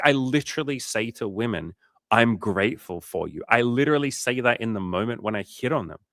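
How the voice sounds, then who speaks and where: Man, dating coach, livestream chat, lowish voice, dry close sound, casual and profane. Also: fairly bright tone, no room sound. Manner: casual, profane, fired-up and emphatic.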